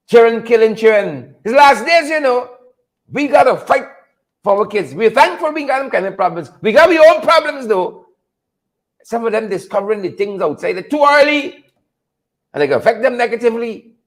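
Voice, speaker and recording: A man's voice: very high voice, very animated, moderate pace, pauses often. A man hosting a live political commentary show, calling out viewers by name and repeating catchphrases. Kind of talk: casual live-stream commentary.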